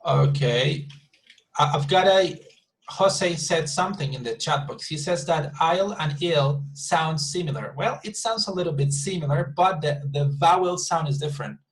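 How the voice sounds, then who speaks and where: A man's voice: a little high, lively intonation, normal speed, low-quality recording. Patient man teaching English online. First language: Spanish. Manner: patient, repeats and rephrases, checks understanding. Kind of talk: online class instruction.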